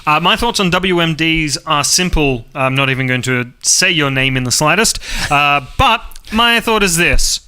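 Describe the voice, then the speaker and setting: Bright, clear-voiced Australian man chatting. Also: a little high, lively intonation, moderate pace, hardly any pauses. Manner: joking, rambling with many fillers. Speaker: podcast co-host. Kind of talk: casual chat on a livestream.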